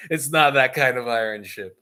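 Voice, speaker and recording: Bright-voiced rambling male stream host. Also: medium pitch. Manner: rambling storyteller, laughs often, jokey asides. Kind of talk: casual chat.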